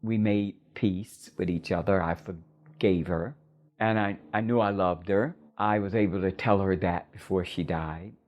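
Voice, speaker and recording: An older woman recounting a personal story in a measured, reflective way. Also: very deep voice, steady tone, a little mellow, muffled recording.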